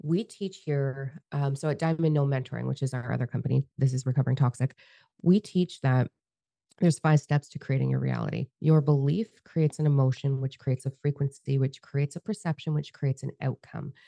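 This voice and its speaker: A woman co-hosting a podcast, talking bluntly and casually, swearing freely and telling animated stories. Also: a bass voice, a little fast, vocal fry, no echo. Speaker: podcast co-host.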